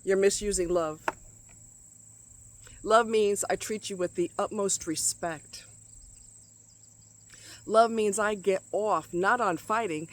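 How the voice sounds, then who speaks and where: A middle-aged woman vlogging outdoors, venting bluntly with heavy swearing and emphatic repetition. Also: fairly low pitch. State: sweating in the heat. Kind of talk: outdoor vlog rant. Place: outdoors in hot muggy nature.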